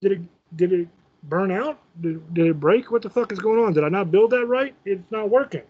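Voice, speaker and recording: Man, high voice, swearing a lot, animated storytelling, muffled lo-fi recording. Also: brisk. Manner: profane, animated, self-mocking. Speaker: host. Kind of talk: casual storytelling.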